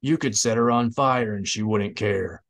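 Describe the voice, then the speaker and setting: A man voicing a petty, self-important male Imperial interrogator, slow and menacing. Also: fairly low pitch, gravelly, a bit bright.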